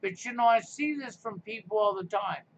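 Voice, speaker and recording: Sarcastic high-voiced man ranting on stream. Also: normal speed, creaky. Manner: combative, sarcastic, preachy. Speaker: live stream host. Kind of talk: ranting live stream monologue. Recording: muffled lo-fi stream audio with faint noise.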